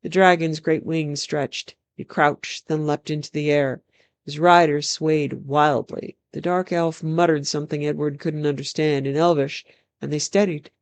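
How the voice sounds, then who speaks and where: Dry, measured storybook reader. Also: medium pitch, steady tone, clear, resonant tone, dry recording. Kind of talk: reading a fantasy novel aloud.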